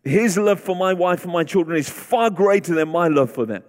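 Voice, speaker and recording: A man's voice: high-pitched, normal speed, a little mellow. A man preaching a sermon as guest preacher, repeating short declarations that build in intensity. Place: large church sanctuary. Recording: long reverb of a large hall.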